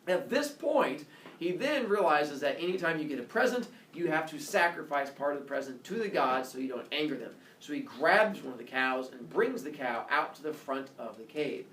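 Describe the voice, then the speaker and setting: A man's voice: fairly high pitch, animated, moderate pace, fairly bright tone. A man retelling a myth in a casual, playful, jokey way. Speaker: storyteller. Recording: echoey room, distant mic, faint noise.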